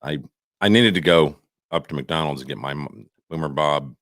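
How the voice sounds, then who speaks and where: A man's voice: extremely low pitch, moderate pace, a bit bright, no echo, clean studio sound. An older man co-hosting a podcast, rambling and self-mocking in casual chat. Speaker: podcast co-host.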